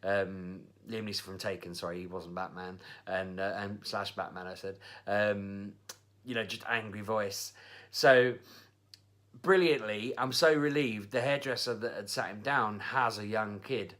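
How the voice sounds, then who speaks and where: A man's voice: lowish voice, fairly even intonation, measured pace, a bit bright. A young man, a father, telling a story in a chatty, rambling way on his vlog. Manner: chatty, rambling with fillers and laughs. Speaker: vlogger, father. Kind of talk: casual storytelling.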